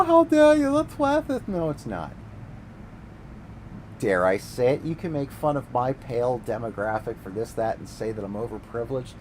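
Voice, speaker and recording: Male gaming streamer, mid-pitched voice, foul-mouthed sarcastic rants, faint background hum. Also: darkish tone, low-quality recording. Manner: profane, ranting, sarcastic. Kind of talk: casual ranting commentary while gaming.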